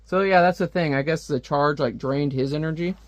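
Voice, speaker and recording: Casual comic reviewer, chatty and laughing, slightly high voice. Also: male voice, a little fast, dry recording. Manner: chatty, laughing, many fillers.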